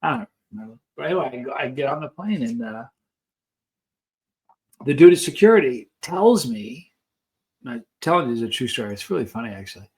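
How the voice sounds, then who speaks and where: A man's voice: medium pitch, lively intonation, brisk, pauses often, darkish tone. Guy telling a story while he snacks, chatty, lots of asides, ordinary mid voice. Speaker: vlogger. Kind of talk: casual storytelling while taste-testing snacks.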